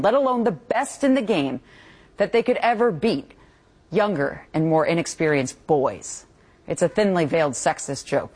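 A woman's voice: mid-range voice, slightly rough. A woman news anchor giving a scripted, pointed commentary, played as a clip from a TV broadcast. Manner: pointed, editorializing delivery.

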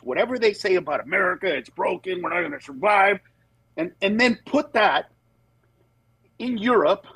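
A man's voice: sits high, breathy edge, no echo, low-quality recording. A male comedian on a phone-in radio interview, telling stories animatedly and acting out other people's voices, often restarting his sentences. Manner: animated storytelling, acts out voices, many restarts. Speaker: comedian guest. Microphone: phone or Bluetooth line.

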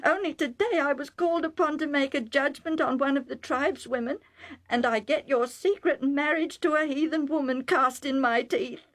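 A distraught older mother, shrill and high, her voice pitched well above the narrator's own, as a woman reading aloud puts her on. A storybook voice that is tearful and outraged at once. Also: moderate pace, fairly bright tone.

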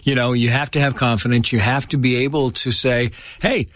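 A man in casual conversation, telling personal stories with lively acted-out quotes. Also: medium pitch, a little fast, dry recording. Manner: animated storyteller, acts out quoted voices. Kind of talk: casual storytelling chat.

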